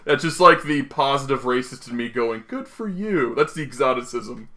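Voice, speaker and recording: A young man co-hosting a casual podcast chat, excitable and quick to swear and laugh. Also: mid-range voice, a crowd in the background. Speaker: podcast co-host.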